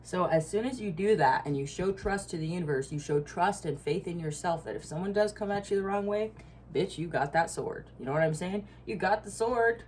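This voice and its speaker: A woman's voice: fairly low pitch, fairly quick, darkish tone, a little hiss or hum. A woman giving a casual tarot reading, blunt and profane, with frequent asides and laughs. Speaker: tarot reader.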